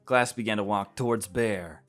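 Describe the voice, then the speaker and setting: A man's voice: lowish voice, normal speed, fairly bright tone, soft background music. A man reading a visual novel aloud, narrating in a plain storybook manner.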